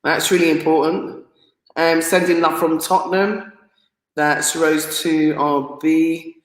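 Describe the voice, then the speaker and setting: Woman, live stream host, chatty and excitable, reads out viewer comments, roomy echo. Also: low voice, takes it slowly. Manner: chatty and excitable, laughs often, stumbles over names. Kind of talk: casual live stream chat.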